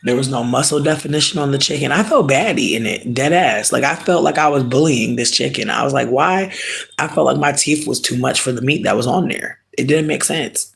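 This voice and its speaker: Man, gravelly voice, mid pitch, casual comic rant to viewers, profane and emphatic. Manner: animated, emphatic comic ranting; profane, drawn-out slow emphasis. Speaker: streamer chatting with viewers. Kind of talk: casual chat.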